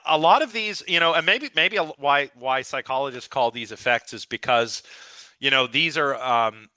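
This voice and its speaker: Enthusiastic male lecturer with a bright voice. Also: medium pitch, dry recording. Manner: enthusiastic, rambling with restarts and "like". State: slightly scratchy voice. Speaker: philosophy lecturer. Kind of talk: live class lecture.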